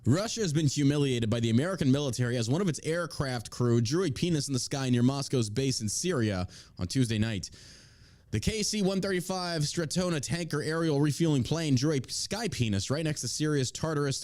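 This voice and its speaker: Speaking in a medium-pitched, darkish voice, a podcast host runs a profane comedy show, poking fun at the news and putting on silly voices and accents for jokes.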